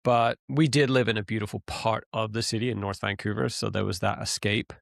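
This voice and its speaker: A man's voice: fairly low pitch, fairly quick, vocal fry, no echo, clean studio sound. A man co-hosting a podcast, chatting casually and acting out his own frustrations as he tells stories. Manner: animated storyteller, acts out his own frustration. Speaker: podcast co-host. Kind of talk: casual conversation. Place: living in rural Canada.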